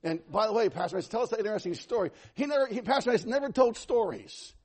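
A pastor delivering a sermon in a high, husky man's voice. He is animated and conversational, swinging from loud, raised passages to quiet ones and slipping in self-deprecating humor. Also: quick pace.

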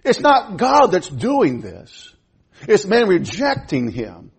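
A man's voice: high voice, huge pitch swings, slow, gravelly, husky. A man in his fifties preaching a sermon as pastor, emphatic, repeating his phrases and restarting. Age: 50s.

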